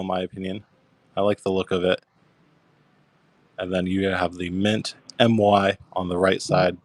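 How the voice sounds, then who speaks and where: A man's voice: deep voice, dry recording. A young man casually hosting a live coin auction stream, describing each piece and thanking bidders by name.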